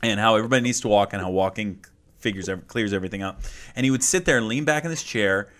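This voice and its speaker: A man hosting a podcast, telling a personal story in an animated, emphatic way and laughing easily. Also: lowish voice, fast talker. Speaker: podcast host. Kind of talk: casual storytelling chat.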